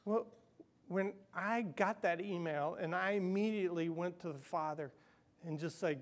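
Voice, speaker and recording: An earnest male pastor delivering a sermon in a personal, conversational way. He pushes some phrases out loudly, then drops to a hushed near-whisper for the tender parts. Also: high voice, moderate pace.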